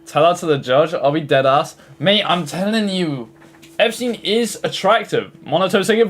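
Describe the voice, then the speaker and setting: A man's voice: on the high side, lively intonation, normal speed, a bit bright, faint music behind. A man giving casual reaction commentary with a slightly raised voice. He jokes and sounds exasperated as he bounces between crude banter and mock complaints about clips of himself. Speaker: YouTuber reacting to fan-made clips.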